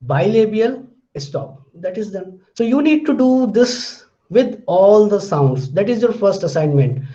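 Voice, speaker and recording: A man lecturing on speech sounds, explaining slowly and repeating himself, with restarts, in a dull lo-fi recording. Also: high voice, dark tone. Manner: slow, repetitive explaining with many restarts. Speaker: linguistics lecturer.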